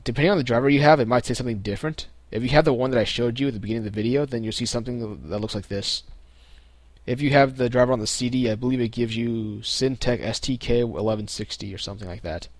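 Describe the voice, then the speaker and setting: A man's voice: mid-range voice, no room sound. A young man talking casually through a step-by-step computer tutorial, with lots of ums and restarts. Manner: relaxed, many ums and restarts. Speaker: tutorial host. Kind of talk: casual screen-recorded tutorial.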